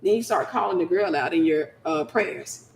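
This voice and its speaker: A woman teaching in a conversational, animated preaching style, acting out scenes as she goes. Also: on the low side, moderate pace, vocal fry. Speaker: Christian teacher. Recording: roomy echo.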